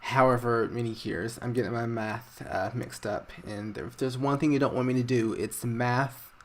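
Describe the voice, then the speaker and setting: A man's voice: mid-range voice, steady tone, normal speed, a little hiss or hum, close to an everyday voice. A man voicing a bitter, sarcastic young man in a narrated game story, mocking and snappy. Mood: cold, dismissive.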